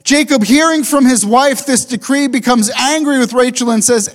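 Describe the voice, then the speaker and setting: A man preaching a sermon as a pastor, emphatic and deliberate, slowing down to repeat key phrases. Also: very high voice.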